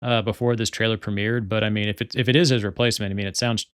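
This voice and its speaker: A man's voice: lowish voice, steady tone, racing, fairly bright tone, clear, resonant tone, no echo, studio quality. A young man hosting a solo podcast, chatting casually and rambling with lots of filler words. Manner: rambling, many filler words, frequent laughter. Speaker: podcast host.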